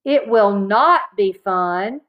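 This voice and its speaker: A woman's voice: mid-range voice, animated, very slow, highs cut off. A woman reading as an indignant young boy. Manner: whiny, indignant protests. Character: upset, sulky young boy.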